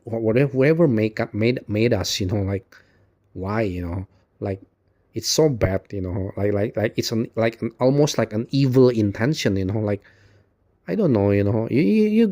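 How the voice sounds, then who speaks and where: A man with a lowish voice talks straight to his viewers in a loose, rambling monologue. He circles back on himself, repeats words and leans on "you know" constantly. Frustration slips out as swearing, followed by quick apologies and short laughs. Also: dark tone. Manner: rambling, heavy use of "you know", frequent restarts; laughs between points. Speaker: video host. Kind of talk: unscripted philosophical monologue to camera.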